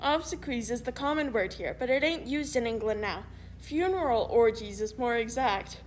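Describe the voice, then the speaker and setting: A woman's voice: a little high, animated, moderate pace, a little hiss or hum, natural voice. A woman voicing a pompous, long-winded older male con man in a storybook reading. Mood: smug. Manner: long-winded, self-pleased speechifying.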